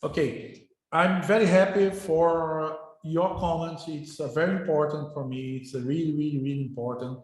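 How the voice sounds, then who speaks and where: A middle-aged male professor, speaking informally to his class in halting English, often repeating words. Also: on the high side, steady tone, a little mellow. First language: Portuguese. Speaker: university professor. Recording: very echoey room.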